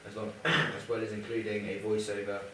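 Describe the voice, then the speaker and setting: A young man earnestly pitching his documentary idea to a group, with some halting restarts. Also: completely flat delivery. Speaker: student presenting a documentary idea. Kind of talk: casual group discussion. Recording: echoey room from far off, noisy.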